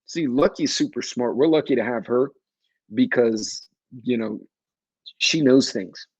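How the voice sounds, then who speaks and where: A man's voice: mid-range voice, a little slow, darkish tone, breathy edge, no echo, poor audio. A man in his forties from New York City, hosting a casual livestream talk show and rambling as he answers viewer chat.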